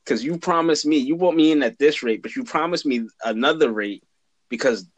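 A man's voice: mid-range voice, fairly quick, dry recording. Blunt, laid-back young man. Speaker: podcast co-host, cousin. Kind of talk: casual chat.

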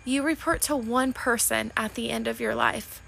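A woman with a slightly high voice hosts a faith podcast and talks straight to her listeners. She preaches with fervor, calls them honey and friend, and her voice is heavy with emotion. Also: fairly even intonation, moderate pace, creaky, a bit bright. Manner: emotional, voice wavering toward tears at times. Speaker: podcast host. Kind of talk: faith-based motivational podcast talk.

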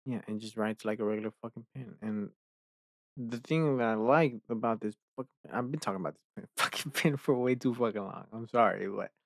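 A young man hosting a podcast, chatting casually and ranting with heavy profanity, quickly exasperated. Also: lowish voice, no room sound. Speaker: podcast host. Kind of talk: casual chat.

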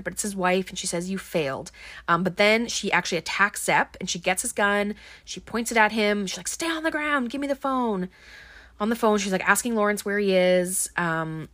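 A woman's voice: fairly low pitch, fairly bright tone, dry recording. A woman recapping a film in a casual, rambling way, with plenty of ums and likes. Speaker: podcast host recapping a film.

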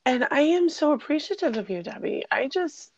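A woman co-hosting a casual podcast, halting and giggly, often restarting her sentences. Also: high-pitched, big pitch swings, lo-fi sound. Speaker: podcast co-host.

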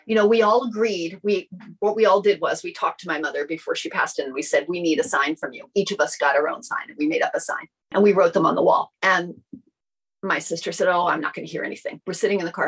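Husky woman telling an animated story. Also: lowish voice, rough recording. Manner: animated, acts out quoted dialogue. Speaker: guest sharing a personal story. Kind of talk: casual storytelling in an interview.

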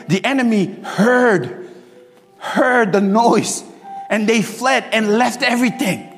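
A man preaching a sermon in a church, telling stories with lively energy and bursts of shouting. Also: very high-pitched, in a large hall.

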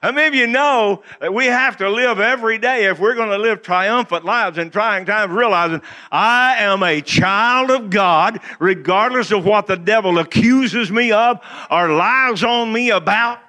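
Guy preaching in church, high bright voice, jokey and folksy. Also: unhurried, hardly any pauses. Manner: folksy, joking, laughs often. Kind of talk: humorous sermon.

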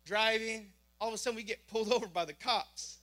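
A man shares a testimony before a congregation and tells it as a lively story. His voice sits high and sounds very bright and sharp. He acts out the dialogue as he goes, so his delivery swings between punchy, playful lines and quieter, earnest ones. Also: fairly quick. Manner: animated storyteller acting out dialogue. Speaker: church member giving testimony.

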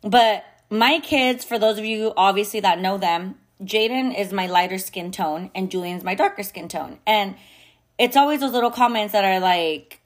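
A woman's voice: mid-range voice, moderate pace. A woman in the middle of her vocal range talks straight to her podcast listeners in a candid, unscripted monologue. She is blunt and swears freely, with plenty of fillers. Bits of Spanish slip into her talk now and then. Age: adult mother. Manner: mixes in Spanish phrases. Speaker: podcast host.

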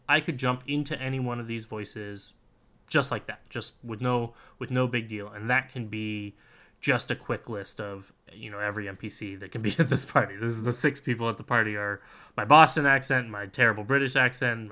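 Podcast co-host, male, bright voice, easygoing talk with frequent laughs. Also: fairly low pitch, normal speed. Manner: laughs often, relaxed and rambling. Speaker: podcast co-host, game master. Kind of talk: casual chat.

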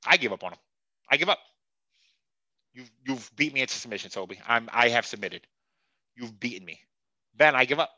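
A man with a very bright, sharp voice, ranting about his team with plenty of swearing and sarcasm. His pitch jumps all over as he talks. The recording is dry and a little dull. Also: animated, brisk, long pauses, no room sound. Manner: profane, heated, sarcastic. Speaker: sports podcast host. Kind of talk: casual sports rant.

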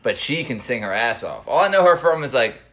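Man, laid-back podcast co-host, casual chat, swears, mid-pitched voice. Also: sing-song, brisk, a bit bright.

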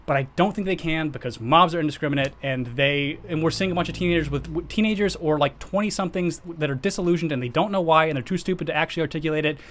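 A man's voice: a little high, fast, hardly any pauses, fairly bright tone. A man co-hosting a casual podcast, ranting heatedly about politics with profanity and frequent restarts. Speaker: podcast co-host.

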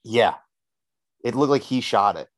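A man's voice: mid-range voice, lively intonation, measured pace, no room sound. A man co-hosting a podcast, chatting loosely about a TV episode and swearing freely. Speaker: podcast co-host. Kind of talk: casual chat.

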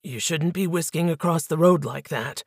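A woman voicing a calm, matter-of-fact man who watches over the heroine, in a storybook reading. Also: low-pitched, normal speed, slightly rough, no echo, studio quality. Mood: steady. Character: adult man, calm protective minder.

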